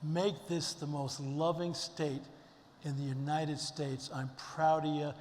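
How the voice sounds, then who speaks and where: A man's voice: on the high side, little pitch movement, slow, darkish tone, slight background noise. An older man giving an inspirational luncheon speech as keynote speaker, folksy and heartfelt as he tells stories. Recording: long reverb in a large hall.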